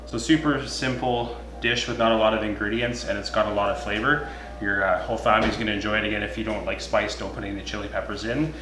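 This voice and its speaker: A man with a fairly low voice talks through a home recipe in a relaxed, chatty way, dropping "uh" as he goes. He speaks from an echoey kitchen. Clear background noise runs under his voice. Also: fairly quick, hardly any pauses. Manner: relaxed, chatty, with frequent "uh" fillers. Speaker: cooking show host. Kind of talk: casual cooking demonstration.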